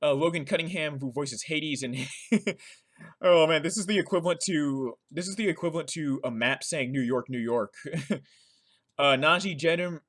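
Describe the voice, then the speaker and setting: A man's voice: fairly high pitch, moderate pace, fairly bright tone. A man giving casual, rambling reaction commentary, often correcting himself mid-sentence. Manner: rambling, chatty, self-correcting, with frequent laughs. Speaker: gaming commentator.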